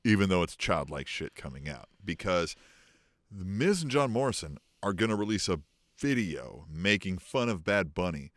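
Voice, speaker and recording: A man's voice: sits low, very animated, moderate pace, no echo, clean studio sound. A man co-hosting a wrestling podcast in casual chat, sounding exasperated, swearing and trailing off into restarts.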